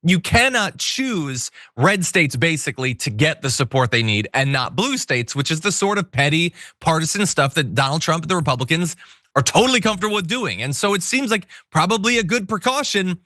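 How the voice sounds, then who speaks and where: A man's voice: a little high, very animated, fairly quick, bright, forceful tone, dry recording, clean studio sound. A man hosting a political commentary show, reacting to clips in a conversational, wry, opinionated way. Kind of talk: casual news commentary.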